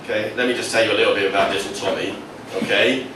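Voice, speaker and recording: A man's voice: on the low side, steady tone, fast talker, far from the mic. A man doing stand-up comedy, rambling into absurd stories. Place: comedy venue. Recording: echoey venue from afar, noisy.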